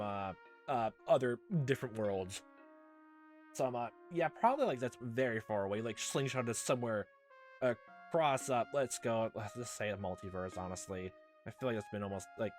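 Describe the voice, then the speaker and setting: A young man casually reading and commenting through a story game, rambling with lots of fillers and exclamations. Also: mid-range voice. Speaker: let's play host.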